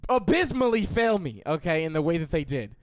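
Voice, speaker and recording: A young man, telling a long story on a casual podcast in an animated, profane way and acting out other people's lines. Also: fairly high pitch, brisk. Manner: animated, profane storyteller who acts out quotes. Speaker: podcast co-host.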